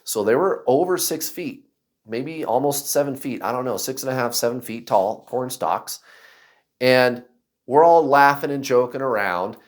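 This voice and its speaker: Animated man telling a story. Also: medium pitch, normal speed. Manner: animated, acts out voices and shouts while telling a story. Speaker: vlogger. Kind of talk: casual storytelling.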